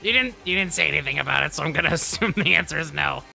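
A woman's voice: sits low, expressive, racing, gravelly, sharp tone, pitched below the performer's own voice, full character voice. A woman voicing a cocky, touchy young male hawk racer in comedic, profane banter during a game playthrough. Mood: whiny, defensive. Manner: defensive, rambling, profane banter. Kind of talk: comedic let's play voice.

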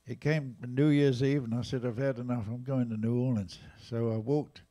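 A man in his eighties with an English accent, casually telling jazz stories at a live museum event, lively and animated in his retelling. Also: mid-range voice, moderate pace. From England. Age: 80s. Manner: lively, animated retelling with raised voices for quotes. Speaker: jazz drummer and storyteller guest. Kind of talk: casual anecdotal storytelling.

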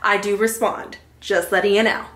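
A young woman vlogging at home, chatting to the viewers in a lively, direct way. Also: medium pitch, moderate pace. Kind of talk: casual vlog chat to camera. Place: home, indoors. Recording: echoey room with faint music.

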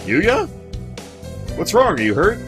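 A polite, jumpy young schoolgirl heroine, as a man reads her in a dating game, her lines pushed up high and bright. His voice swoops animatedly across a wide range. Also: wildly swooping pitch, slow, music in the background, heavily acted. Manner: raised, polite and nervous.

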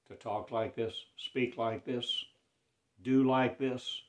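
A man, a spiritual teacher, delivering a free-form spiritual declamation in halting, incantatory fragments. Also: mid-range voice, steady tone.

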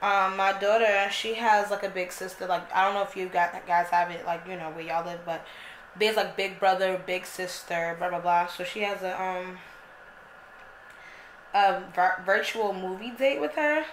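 A woman's voice: fairly low pitch, steady tone, moderate pace. A young woman chatting casually to her vlog camera, laid-back and full of slang and fillers. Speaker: vlogger. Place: home and parked car. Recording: noisy background.

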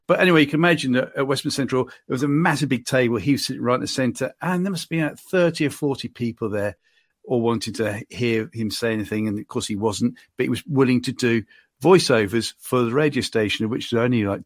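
A man's voice: mid-range voice, fast talker, no echo, studio quality. A man hosting a podcast, telling self-deprecating anecdotes in a casual, chatty way. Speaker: podcast host. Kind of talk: casual storytelling chat.

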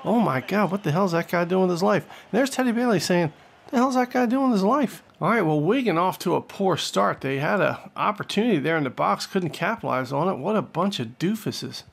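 A man giving jokey, excitable play-by-play commentary on a football video game, rising loud when the action heats up. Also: high-pitched, fairly quick, creaky, hardly any pauses. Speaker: gaming channel host.

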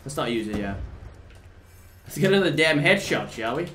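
A native Dutch-speaking man from the Netherlands streams games live, chatting casually about the action, joking with chat and cursing occasionally. His voice is slightly high and sing-song, fairly bright, at a normal pace. The room echoes, with faint background noise.

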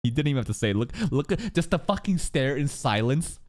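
A young man streaming an anime reaction, talking casually and excitably, swearing often and mock-quoting the characters. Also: medium pitch, a little fast.

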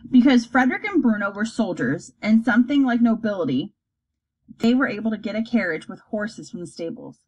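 Female storybook reader, animated and slightly husky, does the character voices herself. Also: mid-range voice, fairly quick, low-quality recording. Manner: acts out characters, lively delivery. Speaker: audiobook reader.

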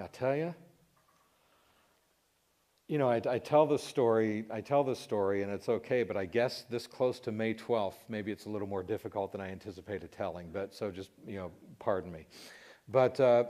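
Middle-aged man, heartfelt testimony, voice cracking with emotion, halting delivery. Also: on the low side, a little mellow. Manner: emotional, voice breaking, pausing and restarting. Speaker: Christian radio host telling a personal story.

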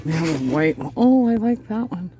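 A woman's voice: fairly low pitch, lively intonation, normal speed, dark tone, slight background noise. A woman chatting casually to viewers while shopping, often chuckling, filmed on a handheld phone inside a large store. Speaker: shopping vlogger. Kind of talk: casual running commentary.

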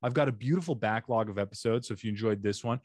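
A young adult man from Arizona hosting a podcast, joking and rambling playfully through a solo intro, now and then jumping into silly high voices, in a home studio. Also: fast talker, darkish tone, no room sound. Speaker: podcast host. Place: home studio with bare walls.

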